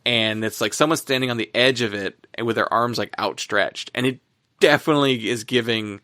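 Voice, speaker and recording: A man co-hosting a podcast, talking about music in a rambling, casual way, full of fillers and quick laughs. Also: mid-range voice, sharp tone, dry recording, studio quality. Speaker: podcast co-host.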